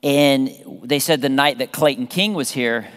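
A pastor from the American South preaching a sermon in an animated, conversational way, often repeating phrases and restarting sentences. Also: male voice, mid-range voice, unhurried. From Southern United States. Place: church sanctuary. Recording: long reverb of a church hall.

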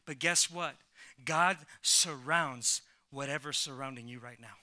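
A man preaching a sermon as pastor, conversational at first and rising to loud, emphatic preaching. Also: medium pitch, a little slow, dry recording, studio quality. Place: church.

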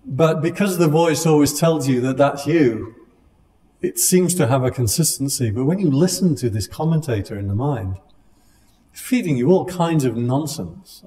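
A man giving a dharma talk to a meditation class, speaking in a calm, conversational way with gentle humor. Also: mid-range voice, moderate pace, a little hiss or hum. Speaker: meditation teacher. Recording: long hall reverb.

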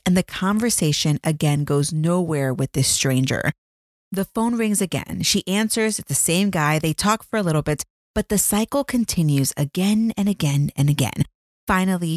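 Low-voiced woman narrating true crime. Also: no echo, studio quality. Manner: dramatic storyteller with chatty asides. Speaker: true crime podcast host.

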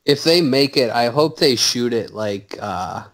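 A man co-hosting a podcast in casual banter, animated and swearing freely. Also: mid-range voice. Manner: animated, swears, does quick mocking impressions. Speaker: podcast co-host.

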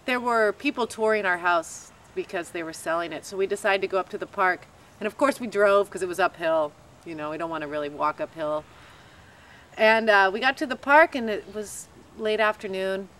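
A woman's voice: medium pitch, moderate pace. Woman animatedly recounting a proposal. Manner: animated, lively retelling. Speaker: bride telling proposal story. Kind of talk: casual storytelling.

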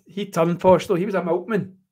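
A man with a strong Scottish accent chats through a live tennis match as host. His voice sits a touch high, and he jokes and rambles, dotting his play-by-play with ums and asides. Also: steady tone, brisk, mellow. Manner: chatty and joking, rambling with fillers. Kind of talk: casual live tennis watchalong commentary.

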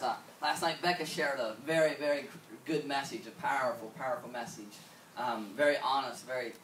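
A male pastor praying and preaching casually, halting with fillers and repeats. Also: mid-range voice, a bit bright, slight background noise. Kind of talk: sermon with opening prayer. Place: church sanctuary. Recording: echoey church hall from far off, music behind.

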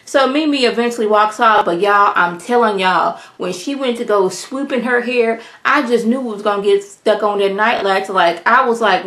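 A woman reviewing a reality show in a casual vlog, talking straight to her viewers in an animated way and mimicking the cast now and then. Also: medium pitch. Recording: roomy echo.

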